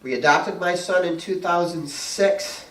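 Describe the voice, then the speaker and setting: Middle-aged guy telling his story to a crowd, chatty and laughy, voice kinda highish, sounds far off from the mic. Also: a little slow, fairly bright tone. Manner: chatty, laughs often, acts out dialogue. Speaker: guest speaker and painter. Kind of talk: personal storytelling talk. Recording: roomy sound from a distant mic.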